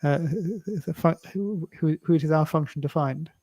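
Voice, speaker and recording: A polite man playing a tabletop game who talks hesitantly and fills his pauses. His voice is fairly high but mellow and soft-edged, recorded close and dry. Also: breathy edge, no echo. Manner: polite, hesitant, with many fillers. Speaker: player. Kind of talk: casual tabletop game talk.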